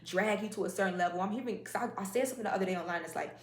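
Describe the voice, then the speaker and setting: In a rapid-fire, mid-range voice, a woman rambles through an informal oracle card reading of a spiritual kind. She chats along with lots of fillers and side comments. The recording has room echo and a bit of faint noise.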